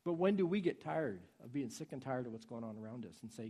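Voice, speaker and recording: A man preaching a sermon in a husky voice, swinging from soft pleading to loud urging. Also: medium pitch, expressive, quick pace.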